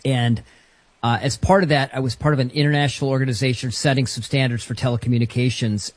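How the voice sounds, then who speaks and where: A man co-hosting a casual chat show, telling an anecdote in a relaxed way. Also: medium pitch, dry recording.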